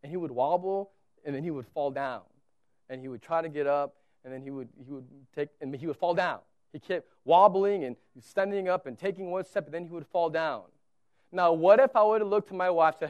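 A man's voice: fairly high pitch, fairly quick, dry recording. Storytelling male pastor preaching. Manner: storytelling, animated, repetitive emphasis. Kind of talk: sermon. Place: church.

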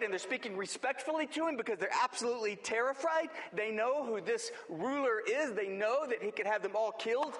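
A man preaching a sermon, telling the story dramatically and acting out the quoted lines, swinging between booming and hushed. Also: expressive, fast talker, few pauses. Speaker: pastor. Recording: long hall reverb.

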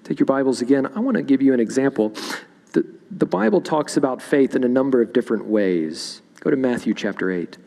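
A man delivers an expository sermon, reading passages aloud and then unpacking them for his congregation. His voice sits at an ordinary middle pitch. The sound carries a long reverb from the church hall around him. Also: animated, brisk, vocal fry, dark tone. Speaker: pastor. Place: church sanctuary.

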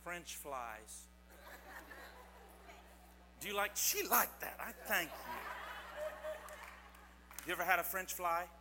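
A man's voice: high-pitched, a little slow, pauses often. Give me a playful male pastor joking with kids. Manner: playful, teasing, quizzes the audience. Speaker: pastor giving a children's message. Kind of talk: children's sermon with corny jokes. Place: church sanctuary. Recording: long church hall reverb, faint mains hum.

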